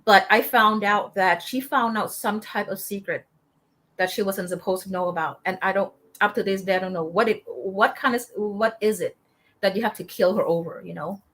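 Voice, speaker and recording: A woman guest, a military veteran and author, telling a story in an interview with passion, halting often and restarting her sentences. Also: medium pitch, a bit bright. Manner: impassioned, halting, many fillers and restarts.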